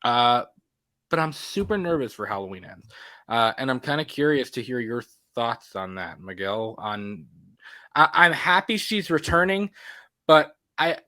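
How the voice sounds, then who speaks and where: A man co-hosting a movie podcast in a relaxed, rambling way, full of fillers and self-corrections. His voice sits at a mid pitch. It is recorded dry and close, with no room sound. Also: measured pace, no echo. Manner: rambling, lots of fillers and restarts. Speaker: podcast co-host. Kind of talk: casual movie chat.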